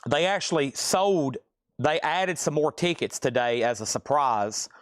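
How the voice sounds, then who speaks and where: A man's voice: fairly high pitch, expressive, unhurried, no room sound, studio quality. A man hosting a live vinyl record sale, chatting casually and rambling between sales. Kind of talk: casual live-stream selling.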